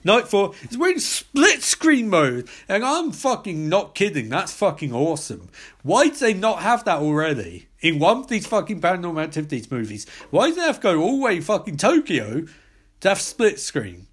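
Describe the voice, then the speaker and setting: A man's voice: sits high, big pitch swings, normal speed, a bit bright, husky. A young man recapping a horror film, full of sarcastic, profane asides. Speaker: film reviewer.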